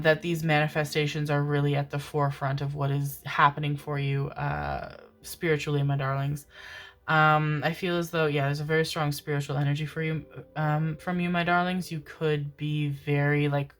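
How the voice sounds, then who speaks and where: Low-voiced chatty woman reading tarot. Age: adult parent. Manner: chatty, self-mocking, calls listeners "my darlings", laughs often. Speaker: tarot reader. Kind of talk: casual tarot reading to viewers.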